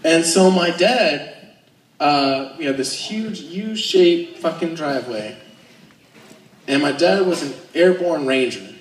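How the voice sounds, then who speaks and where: Speaking slowly in a fairly high, animated voice, a young man from Alaska, United States, nervously works through his first stand-up set of crude, self-mocking jokes. The recording has a little hiss or hum, with an echoey room and a distant voice.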